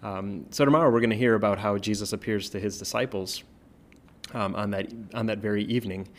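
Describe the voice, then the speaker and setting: Man, pastor type, relaxed scripture talk, slightly low voice, keeps asking "right?". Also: fairly quick. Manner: conversational, checks in with "right?", many fillers. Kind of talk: casual Bible teaching.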